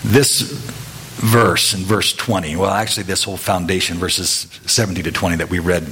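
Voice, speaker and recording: A middle-aged man giving a conversational sermon, telling homely stories in a halting way with many fillers and restarts. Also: sits low, fairly even intonation, sharp tone, a little hiss or hum. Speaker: preacher.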